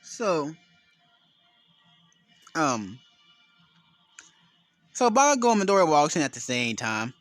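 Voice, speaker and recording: Pria bercerita santai dengan nada sangat hidup. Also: male voice, a little high, big pitch swings, slow pace, pauses often, fairly bright tone, no echo, soft background music. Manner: rambling, restarts and self-corrections, slangy and swearing. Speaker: storyteller. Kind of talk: casual fan story told off the cuff.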